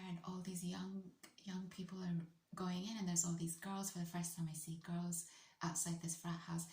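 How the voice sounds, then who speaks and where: A British woman from the UK tells a personal story in a playful, casual manner, frequently slipping into hushed, whispery asides. Her voice sits on the low side, and the sound is roomy.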